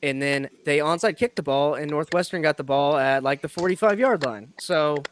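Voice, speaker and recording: A man's voice: a little high, normal speed, slight background noise. A man hosting a casual sports podcast, rambling, self-mocking and laughing often. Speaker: podcast host.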